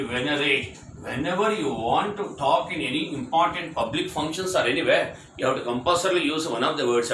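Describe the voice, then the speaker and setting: A man teaching English vocabulary, spelling words out letter by letter, explaining each meaning and repeating it, asking if it is clear. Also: mid-range voice, sharp tone. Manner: repetitive, explanatory. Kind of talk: vocabulary lesson. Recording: echoey room with faint ambient noise.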